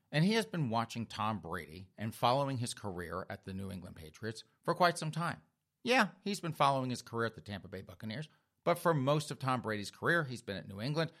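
A male comic storyteller talks to his listeners as folks, sardonic and mocking. His tone is bright and forward, and his pitch swoops up and down with lively emphasis. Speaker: comedic storyteller. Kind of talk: comedic storytelling.

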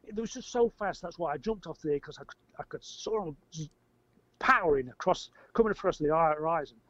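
An older man tells a story as an interview guest, rambling, repeating words and getting animated when he acts out shouting. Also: fairly high pitch, a little fast, no echo. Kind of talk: casual storytelling. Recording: dry, slightly muffled audio.

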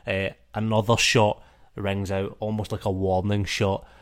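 A man's voice: fairly low pitch, little pitch movement, a little slow. A man narrating and running a tabletop role-playing game in a casual, swearing way with many fillers. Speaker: game master.

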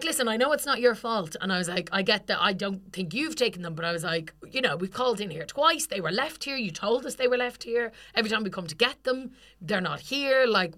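Bright-voiced woman telling a story. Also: mid-range voice. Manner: animated, swears freely, acts out quoted people. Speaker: podcast co-host. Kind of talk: casual storytelling chat.

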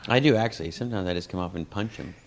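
Animated, profane male comedian telling stories. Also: on the low side, racing, a loud crowd. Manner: animated, acts out voices in anecdotes; profane and self-mocking. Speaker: guest comedian. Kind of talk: conversational storytelling.

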